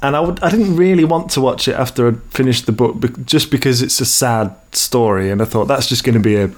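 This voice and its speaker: A man co-hosting a casual podcast chat, speaking in a dry, measured, wry way. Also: medium pitch. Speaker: podcast co-host.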